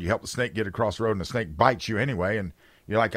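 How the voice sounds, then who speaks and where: A man's voice: lowish voice, quick pace, no room sound. A man hosting a political talk radio show, giving opinions in a conversational way and reading listener texts aloud.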